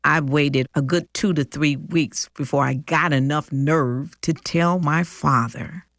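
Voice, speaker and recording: Older lady from detroit telling her story, low voice, slow and heartfelt, dry close sound. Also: steady tone, dry recording. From Detroit, USA. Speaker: storyteller interviewed by family. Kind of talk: personal recollection.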